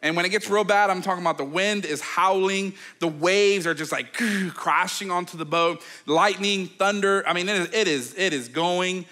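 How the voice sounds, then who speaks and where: Man, pastor, sermon, bright forceful voice, animated storyteller, chatty fillers. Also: high-pitched, normal speed, few pauses. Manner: conversational, with many fillers like "like" and "okay".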